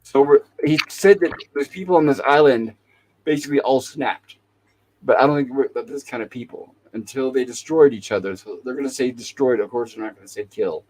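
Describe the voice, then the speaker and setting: A man's voice: medium pitch, brisk, a little mellow, low-quality recording. A man hosting a talk show, casually retelling TV episode scenes and quoting the characters' lines. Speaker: podcast host.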